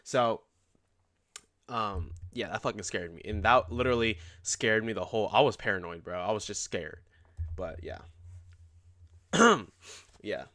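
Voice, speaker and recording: A young man talks through a casual day-trading live stream. He rambles in loose slang, restarts his sentences and swears freely. His voice is bright and forward, and the sound is dry and close with no room around it. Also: fairly low pitch, lively intonation, measured pace, pauses often, dry recording.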